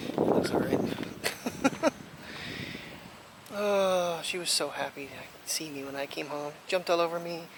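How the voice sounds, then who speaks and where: A daily vlogger chatting casually while walking a puppy outdoors, talking playfully to the dog, recorded on a phone camera. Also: mid-range voice. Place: outdoors in a breezy park playground. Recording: outdoor recording with clear background noise. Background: wind and leaves, passing vehicles.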